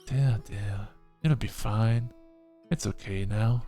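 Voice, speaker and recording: A man's voice: fairly low pitch, slow, warm tone, soft background music. Blunt, scolding woman, as a man reads her. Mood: soothing. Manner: dry, scolding, matter-of-fact. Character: stern, blunt young woman.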